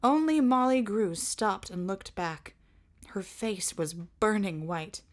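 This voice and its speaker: A woman's voice: mid-range voice, slow pace. Woman reading a storybook aloud. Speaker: reader.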